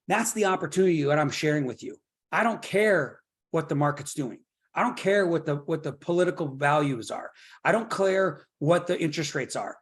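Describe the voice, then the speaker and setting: A middle-aged man teaching a real estate workshop in an energetic, motivational way, stacking up repeated phrases and often checking in with "right?". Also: a little high, moderate pace, breathy edge. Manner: builds points through long repeated phrases.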